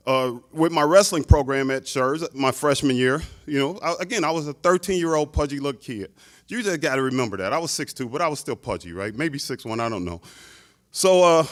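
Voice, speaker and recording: A man in his fifties tells a lively story as a hall of fame inductee, with a slightly high voice. He keeps throwing in quick asides to the crowd. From Chicago, United States. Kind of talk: speech.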